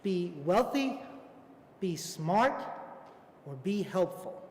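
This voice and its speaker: A man's voice: high voice, big pitch swings, slow pace, darkish tone, a little hiss or hum. A man in his fifties from Brooklyn, New York, telling a comic, self-mocking story on a theater stage. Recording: echoey theater hall.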